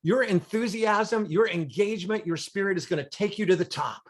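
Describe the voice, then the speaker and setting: A man voicing a kind older male professor speaking with gentle sincerity. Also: high voice, normal speed, lightly acted. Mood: sincere.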